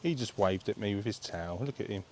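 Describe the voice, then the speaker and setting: A man vlogging a casual walking tour of an open-air museum, chatty and excitable, talking straight to his viewers. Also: fairly low pitch, a little fast, slight background noise. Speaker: travel vlogger. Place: visiting an open-air museum, indoors and outdoors.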